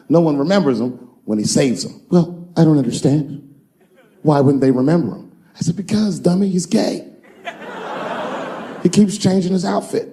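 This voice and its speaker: A middle-aged man delivers a stand-up set into a handheld mic, his voice sitting a little high and swinging widely in pitch. He leaps into loud, high shouts and drops into low put-on voices, with faint ambient noise behind him. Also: in a large hall. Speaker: stand-up comedian. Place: stage before a live audience.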